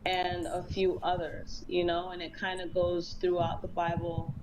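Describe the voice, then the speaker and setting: A woman's voice: lowish voice, a little slow. New York woman on a noisy livestream. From New York City. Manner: hesitant, full of ums, then animated. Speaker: debate panelist. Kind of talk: casual debate chat on a livestream.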